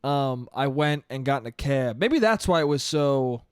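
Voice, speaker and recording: A man's voice: medium pitch, lively intonation, normal speed, smooth, no echo, clean studio sound. A man hosting his own podcast, talking alone in a rambling, profane way and calling everyone "dude". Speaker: podcast host. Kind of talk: casual solo podcast monologue. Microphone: studio podcast mic.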